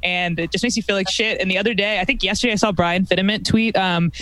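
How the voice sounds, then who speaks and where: A woman's voice: mid-range voice, steady tone, fast talker, fairly bright tone. A woman in her twenties co-hosting a podcast, chatting loosely and wryly with lots of "like" fillers. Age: 20s. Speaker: podcast co-host. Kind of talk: casual comedic chat.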